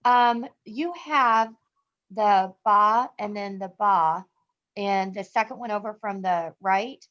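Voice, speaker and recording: A woman's voice: mid-range voice, takes it slowly, muffled recording. A woman student politely asking a question in an online class, apologizing as she speaks.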